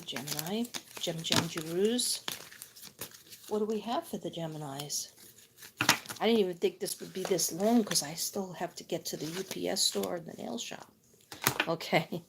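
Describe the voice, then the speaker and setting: A woman's voice: on the low side, very noisy. A woman doing a psychic tarot reading live, talking in a rambling, chatty way with lots of fillers.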